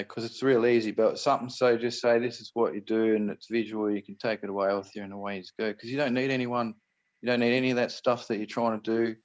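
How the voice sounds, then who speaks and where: A man's voice: fairly low pitch, a little mellow, muffled recording. A man with an Australian accent talking in a loose, rambling way on a call, often restarting and tossing in "right?" and "mate". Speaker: guest explaining private trusts. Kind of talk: casual rambling chat on a call.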